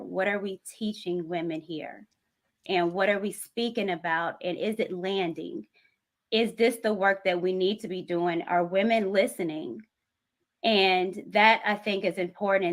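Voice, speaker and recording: A woman with a Southern US accent, a content creator speaking in a measured, earnest way on a panel discussion. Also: medium pitch.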